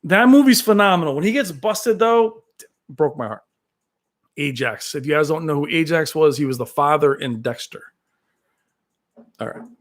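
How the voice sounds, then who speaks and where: A man hosting a casual live stream from home, reading viewer comments aloud and talking in a rambling, excitable way. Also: fairly high pitch, moderate pace, long pauses. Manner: rambling, excitable, with frequent fillers. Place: at home with his cat.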